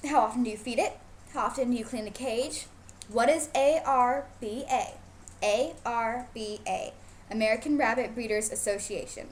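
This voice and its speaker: A woman's voice: a little high, a little hiss or hum. A woman instructor teaching youth how to show rabbits, playful and emphatic, repeating her key points. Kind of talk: casual instructional video.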